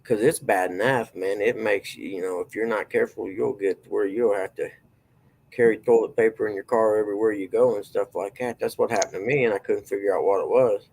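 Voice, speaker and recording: A man's voice: on the low side, steady tone, brisk, vocal fry, a little mellow, breathy edge, low-quality recording. A middle-aged man, telling long rambling stories in a folksy, drawling casual chat.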